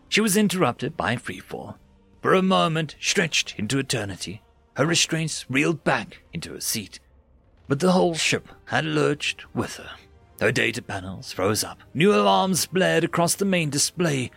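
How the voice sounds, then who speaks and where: A man's voice: on the high side, normal speed, vocal fry, husky, no room sound, soft background music. A man narrating a science fiction story dramatically, rising and dropping his voice for effect. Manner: expressive, rises and drops for drama.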